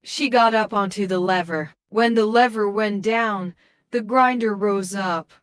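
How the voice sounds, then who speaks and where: Female folktale narrator, slow and careful, dry close-mic sound. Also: mid-range voice, clean tone, dry recording.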